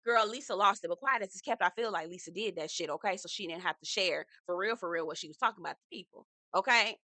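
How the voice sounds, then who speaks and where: A woman recapping a reality show in a sassy, profane, gossipy way, acting out quotes with animated flair. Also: lowish voice, fast, no echo. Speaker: reality TV reviewer. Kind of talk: casual recap vlog.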